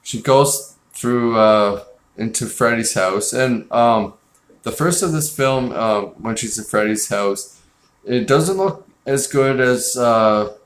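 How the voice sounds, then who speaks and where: A man's voice: medium pitch, slow pace, reverberant. A man hosting a casual film review show, talking in a rambling, blunt and profane way with lots of fillers. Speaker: film review podcast host.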